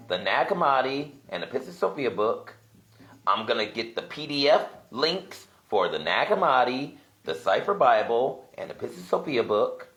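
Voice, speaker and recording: A man's voice: mid-range voice, fairly bright tone, roomy sound. A man teaching casually from home as he looks through apps, thinking aloud in a rambling way and growing emphatic. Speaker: self-styled religious teacher. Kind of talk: casual video teaching while browsing apps.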